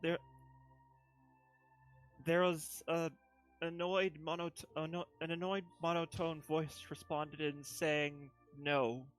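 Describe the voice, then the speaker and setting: A man playing a tabletop game, speaking in character in a hesitant, halting way. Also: on the high side, flat delivery, a bit bright, clear, resonant tone, soft background music. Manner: hesitant, halting, restarts often. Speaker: player. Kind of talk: casual in-character play.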